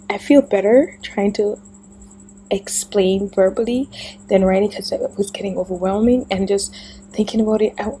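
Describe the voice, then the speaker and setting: A woman rambles through a confessional vlog, thinking aloud as she goes. Her voice sits at a middle pitch and often drops to a soft murmur. A faint hiss of background noise runs beneath her. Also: gravelly, low-quality recording. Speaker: vlogger.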